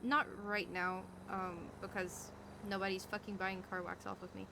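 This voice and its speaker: A woman's voice: medium pitch, level tone, normal speed, creaky, noisy background. A tired woman chatting in character during a roleplay stream, wry and blunt, swearing casually. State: tired late at night.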